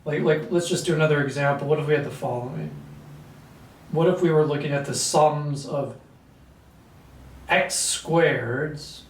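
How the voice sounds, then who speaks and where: A man teaching a calculus lesson at a whiteboard, clearing his throat often and talking through steps with fillers. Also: fairly high pitch, moderate pace, long pauses, a little hiss or hum. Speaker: math teacher. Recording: echoey room, mic at a distance.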